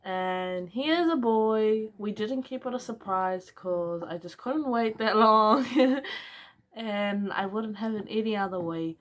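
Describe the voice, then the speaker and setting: A woman's voice: medium pitch, lively intonation, slow pace. A young woman, a new mother, candidly telling her personal story and acting out both sides of old phone calls. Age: young adult.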